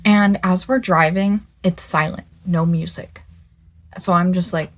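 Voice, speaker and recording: A young woman in her twenties telling a dating story to the camera in a casual, animated way, stretching words for emphasis and swearing in disbelief. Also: on the low side, measured pace, slight background noise. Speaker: vlogger.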